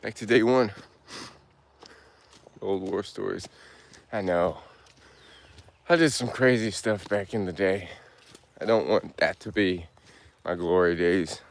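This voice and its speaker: Low-voiced guy huffing up a trail, slow laid-back talk, birds and outdoor sounds around. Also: creaky. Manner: breathless, laid-back, answers chat questions aloud. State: out of breath. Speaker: vlogger hiking and reading live chat. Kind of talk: casual chat while hiking. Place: outdoors on a hilly wooded trail.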